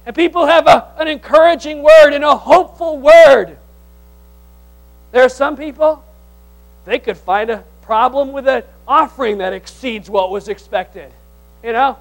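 A male pastor preaching a sermon, swinging from loud exhortation to hushed tones, with teasing humor and call-and-response. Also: very high voice, a little slow, low-quality recording.

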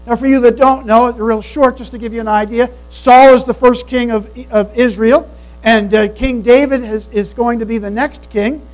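Preacher, male, very high-pitched, earnest emphatic sermon delivery, faint hum on the recording. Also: fairly even intonation, moderate pace, darkish tone, rough recording. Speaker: pastor. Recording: mains hum behind the voice.

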